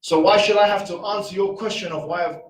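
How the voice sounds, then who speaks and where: A man's voice: sits high, steady tone, far from the mic, a little hiss or hum. Man lecturing in an echoey room. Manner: argumentative, rhetorical questions, quick asides. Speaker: speaker. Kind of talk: casual lecture to a live audience.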